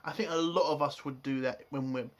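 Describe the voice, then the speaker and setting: A man's voice: mid-range voice, fairly even intonation, a little fast. A man giving a casual spoken review of a TV episode. He rants in an exasperated way and swears a lot.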